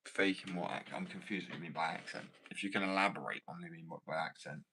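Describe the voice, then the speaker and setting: A man's voice: deep voice, fast talker, bright, forceful tone, slight background noise. A man with an English accent chatting casually to viewers, blunt and rambling as he answers their comments about skating and his business. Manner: blunt, rambling, self-assured. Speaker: skater and small business owner.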